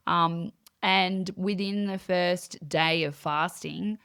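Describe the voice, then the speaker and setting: Animated woman telling a story, dry sound. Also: lowish voice, slow, vocal fry, smooth, no room sound. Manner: animated, acts out her own quoted thoughts; many fillers and restarts. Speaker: guest, psychic medium. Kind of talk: casual interview storytelling.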